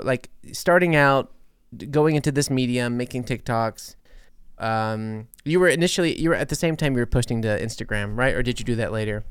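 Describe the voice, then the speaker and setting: Rambling male host, clear voice. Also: medium pitch, no echo, clean studio sound. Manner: rambling questions, self-mocking jokes. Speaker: podcast host. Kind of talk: casual interview chat.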